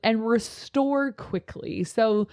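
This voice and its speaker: A woman youth pastor chatting casually, telling lively stories and jumping into high voices when she quotes people. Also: slow pace. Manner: animated storyteller, jumps into high voices when quoting others. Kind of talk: casual podcast chat.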